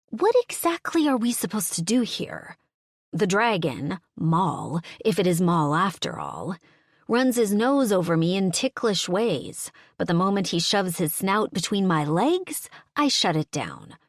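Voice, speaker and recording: Exasperated young heroine, voiced by a woman; lively, unhurried read, dry close mic. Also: mid-range voice, dry recording, lightly acted. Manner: wry, exasperated asides. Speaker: audiobook narrator. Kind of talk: first-person audiobook narration.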